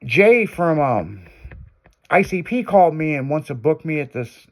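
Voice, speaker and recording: A man casually telling a long anecdote, profane and animated, acting out what people said. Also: on the high side, unhurried. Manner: profane, animated, acts out quotes. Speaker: guest storyteller. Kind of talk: casual storytelling.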